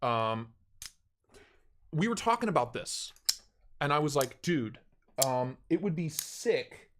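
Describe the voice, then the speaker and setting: A young man with a fairly high voice chats on a live stream. He talks in an excitable, slangy way and breaks into loud bursts when he retells a story. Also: takes it slowly. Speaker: knife channel host. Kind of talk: casual live-stream chat.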